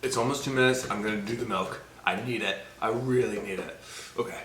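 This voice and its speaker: A man's voice: on the low side, brisk, a bit bright. A young man vlogging to the camera in short, fretful bursts. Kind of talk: casual video blog. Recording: roomy echo, faint background noise.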